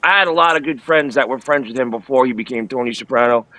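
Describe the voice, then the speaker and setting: A man's voice: medium pitch, fast talker, pushed and bright, dry recording, rough recording. A man telling stories as a guest in a casual interview, blunt and crude in a laid-back way. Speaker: guest, former radio worker and film-set stand-in.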